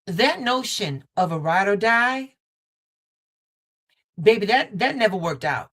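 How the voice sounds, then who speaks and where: A woman's voice: medium pitch, very animated, measured pace, long pauses, a bit bright. A woman giving a live tarot card reading, calling the viewer baby and repeating her phrases for emphasis. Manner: affectionate, calls viewer baby and mama. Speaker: tarot reader. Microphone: basic streaming setup.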